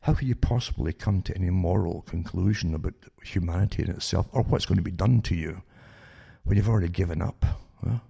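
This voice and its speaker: A man's voice: deep voice, a little fast, vocal fry, mellow, breathy edge. An older man hosting a talk radio show, rambling with many restarts and sarcastic asides that end in "eh?".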